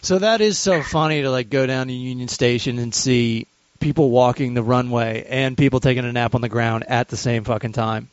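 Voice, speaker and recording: A man's voice: mid-range voice, fairly even intonation, a little fast, hardly any pauses, no echo, lo-fi sound. A man in casual podcast chat who swears freely and laughs often. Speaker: podcast host.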